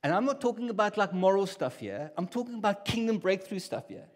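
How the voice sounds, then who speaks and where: A man preaching a sermon in a church hall, talking in a casual, conversational way that drops to near whispers and rises to loud bursts. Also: sits high, sing-song, fairly quick. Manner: conversational, swings from hushed to loud. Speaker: pastor. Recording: long hall reverb.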